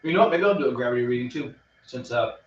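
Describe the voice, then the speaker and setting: A man's voice: medium pitch, expressive, a little hiss or hum. A man from Washington state co-hosting a homebrewing show, chatting easily and hesitating with fillers. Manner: quick, easygoing, hesitant with fillers. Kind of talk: casual chat while brewing. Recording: roomy, distant, dull sound.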